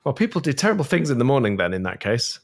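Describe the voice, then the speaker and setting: A man's voice: medium pitch, sing-song, fast. A man hosting a tech podcast, chatting casually and joking with his guests. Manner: playful, jokey, laughs easily. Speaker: podcast host.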